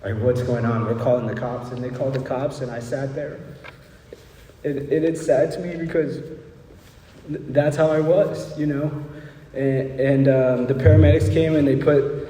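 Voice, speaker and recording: A man's voice: on the high side, steady tone, unhurried, pauses often, warm tone. Recovery speaker, man, 30s, loose and confessional, constantly asking "right?", recorded at a distance in a roomy hall with faint background noise. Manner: candid, rambling, frequent "right?" asides. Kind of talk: personal recovery talk.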